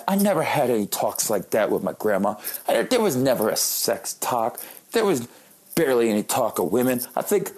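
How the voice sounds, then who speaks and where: A man in his late thirties tells comic stories about his life, joking at his own expense. His voice is husky and a bit breathy, at an ordinary male pitch. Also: darkish tone. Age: late 30s. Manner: joking, self-deprecating. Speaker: comedian. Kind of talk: comic storytelling monologue.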